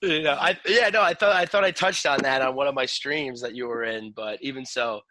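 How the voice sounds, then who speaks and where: A man hosting a casual podcast chat, talking in a halting way with many restarts and casual swearing. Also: medium pitch, pushed and bright, no room sound. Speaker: podcast host.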